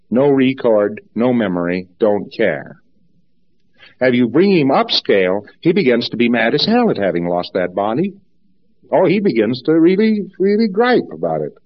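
A man lectures in a loose, storytelling way, acting out quoted lines as he goes. His voice sits at an ordinary middle pitch. The recording is dull and lo-fi, like old archive tape. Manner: lively storytelling, acts out quotes. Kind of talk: informal lecture with anecdotes.

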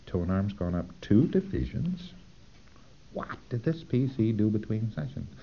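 A man's voice: lowish voice, very animated, measured pace, vocal fry, slightly rough. A man giving a technical lecture, explaining step by step with dry humor and acting out short examples, on a dull lo-fi tape recording.

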